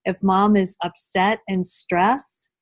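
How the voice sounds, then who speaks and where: A woman's voice: mid-range voice, fairly even intonation, slow pace, low-quality recording. A middle-aged woman leading a live training workshop, talking conversationally and addressing the group directly.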